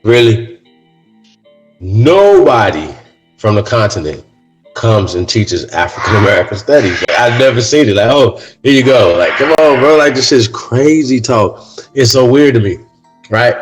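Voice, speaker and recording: Over music and in low-quality audio, a man with a medium-pitched, animated voice talks unhurriedly as host of a casual podcast. His rambling monologue leans constantly on "man" and "right?" while his temper steadily rises.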